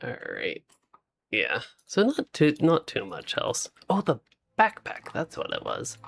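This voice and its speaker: A man's voice: fairly high pitch, unhurried, creaky, slight background noise. A man streaming a co-op survival game, chatting casually and rambling between tasks, with frequent laughs and a late-night sleepiness. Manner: relaxed, rambling, laughs often. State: sleepy, yawning. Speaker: gaming streamer. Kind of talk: casual co-op gameplay chat.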